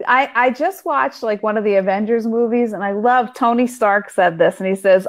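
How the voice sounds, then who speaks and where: A woman's voice: a little high, normal speed, few pauses. A woman in casual conversation as a spiritual guide, speaking earnestly, often laughing and restarting her sentences.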